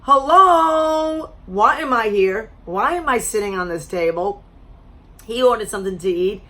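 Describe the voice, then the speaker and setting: A woman vlogger telling a story to camera in a blunt, animated way, swearing freely, her voice a little strained as she loses it. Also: mid-range voice, moderate pace. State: losing her voice.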